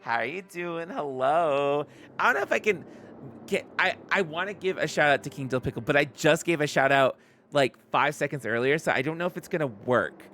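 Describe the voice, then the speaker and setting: Excitable woman streamer, bright voice. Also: sits low, brisk, slight background noise. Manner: excitable, laughs often, chatty with viewers. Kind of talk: casual live-stream commentary.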